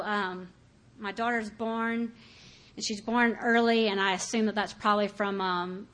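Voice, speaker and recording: A woman's voice: medium pitch, fairly bright tone. Candid woman telling her own story. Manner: candid, conversational, many fillers, acts out her past thoughts. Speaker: speaker sharing her recovery story. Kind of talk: personal testimony.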